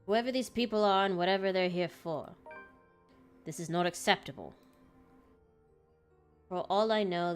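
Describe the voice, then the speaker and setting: A woman streamer reading a visual novel aloud dramatically, breaking off with laughing asides. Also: lowish voice.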